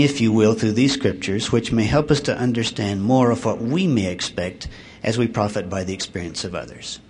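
A man delivers a sermon in a mid-range voice, reading scripture slowly and letting his voice rise and fall on each verse. A faint hiss sits under the recording. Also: medium pitch. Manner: measured, slows and swells when reading scripture. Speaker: church speaker.

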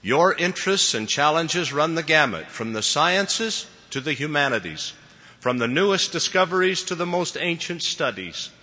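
A man giving a formal sermon in a measured, solemn manner. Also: on the high side, very animated, pushed and bright. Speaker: church speaker. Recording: long reverb of a large hall.

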